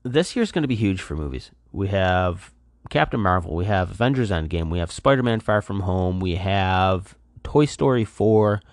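A tired man hosts a casual solo podcast, rambling loosely in a deep, low voice and leaning on fillers as he goes. He sounds worn out. The recording is dry and close, with no echo. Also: lively intonation, moderate pace. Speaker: podcast host. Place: apartment.

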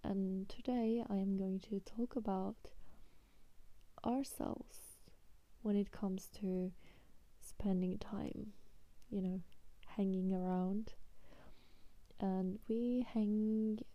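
A woman for whom English is not a first language hosts a solo podcast in a slow, unhurried way. Her voice is very dark and mellow, recorded dry and close with no room around it. She sounds hesitant and apologetic, often sinking into a whisper. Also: medium pitch, steady tone, no room sound, highs cut off. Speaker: podcast host. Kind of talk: soft-spoken solo podcast monologue.

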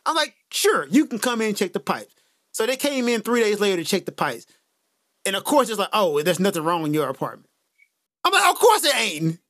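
Podcast host, a man: animated storyteller, bright, lively voice, dry close sound. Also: high-pitched, a little fast, dry recording. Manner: animated storyteller, acts out quotes, laughs often. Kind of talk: casual chat. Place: lives in Japan.

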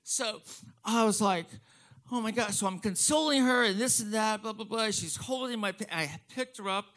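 A man telling a profane stand-up story in an animated, excitable way. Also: high-pitched, moderate pace. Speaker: comedian.

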